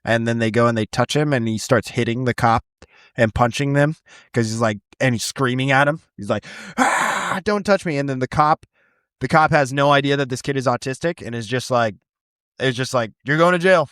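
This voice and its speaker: A man teaching high school English talks loosely on a podcast, circling back and restarting his sentences and swearing now and then. His voice sits at an ordinary pitch for a man. The close mic leaves it dry, with no room sound. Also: steady tone, brisk, fairly bright tone, clean tone, no room sound. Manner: rambling, frequent restarts and casual swearing. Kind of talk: casual podcast chat.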